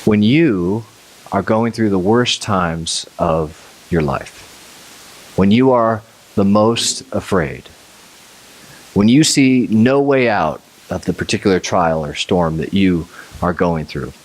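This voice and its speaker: A man preaching a sermon as a pastor, telling the story in a conversational, animated way with laughs, then slowing and dropping low and soft for reassuring lines. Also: slight background noise.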